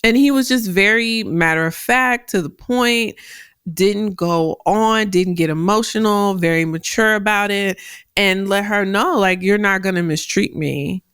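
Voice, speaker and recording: A woman hosting a career advice podcast, talking directly with a deep voice that carries, animated and quick to laugh. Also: clear, resonant tone, no room sound, clean studio sound. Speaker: podcast host.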